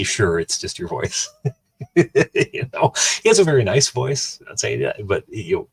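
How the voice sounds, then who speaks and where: A man's voice: lowish voice, very animated, a little slow, vocal fry, slightly rough. A man rambling in casual chat with his livestream viewers, full of restarts and asides. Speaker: streamer and host.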